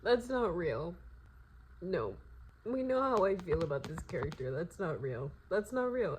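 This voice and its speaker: A young woman filming a reading vlog, reacting emotionally and with lots of swearing as she reads, moving between quiet asides and loud outbursts. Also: lowish voice, very animated, unhurried, a little hiss or hum, poor audio. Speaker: book vlogger.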